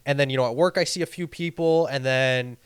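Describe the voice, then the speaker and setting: A man's voice: mid-range voice, brisk, clear, resonant tone, no echo. A young man co-hosting a podcast, talking earnestly in a rambling way with many restarts. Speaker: podcast co-host. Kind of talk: casual chat.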